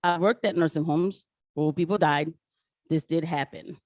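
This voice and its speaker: A woman's voice: sits low, normal speed, dry recording. A woman talking casually to viewers on a livestream, chatty and slangy, drifting between asides and opinion. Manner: chatty, slangy, animated, addresses viewers as y'all. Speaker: political commentator livestreaming.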